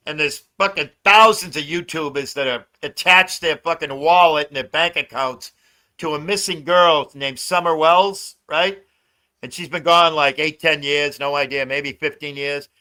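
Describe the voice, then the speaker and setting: Hosting a casual livestream, this man rants, swears a lot, and laughs frequently. His voice is a little high with a sharp tone.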